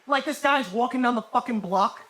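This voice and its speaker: A man's voice: extremely high pitch, brisk, fairly bright tone. A man in his twenties doing a live stand-up set, rambling and profane, laughing at his own jokes. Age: 20s. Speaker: stand-up comedian. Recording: noisy live venue recording.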